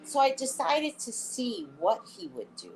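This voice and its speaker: A middle-aged woman, a psychic reader, telling a story in an animated, emphatic way during a live reading chat. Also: fairly high pitch, unhurried, slight background noise.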